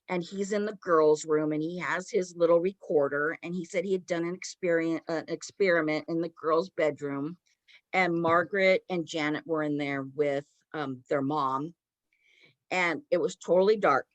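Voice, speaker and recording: A woman co-hosting a podcast, retelling a story in a casual, animated way with lots of "like". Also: on the low side, no echo. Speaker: podcast co-host.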